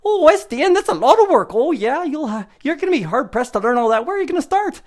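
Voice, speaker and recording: A man doing Scotty, a high-pitched comic engineer. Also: very animated, quick pace. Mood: mock-worried. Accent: Scottish impression. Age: 50s. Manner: high, exaggerated comic whine. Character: comic Scottish male starship engineer, mock-worried.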